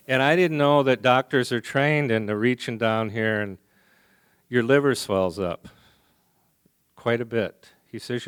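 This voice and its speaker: A soft-spoken man from the American Midwest telling a wry personal story to a conference audience. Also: mid-range voice, steady tone, measured pace, pauses often, clean tone, no room sound. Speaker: recovery meeting speaker. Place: conference hall before a live audience.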